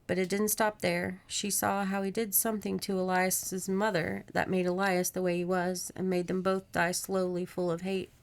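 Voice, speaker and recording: A woman's voice: fairly low pitch, normal speed, hardly any pauses. Woman reading a horror novel aloud. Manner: steady narration with asides and laughter.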